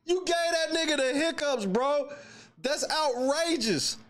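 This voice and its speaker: A man hosting a casual reaction talk show, cursing freely and breaking into laughter. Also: heavy background noise. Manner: loud laughing, profane, swaying between high and low pitch. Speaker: show host.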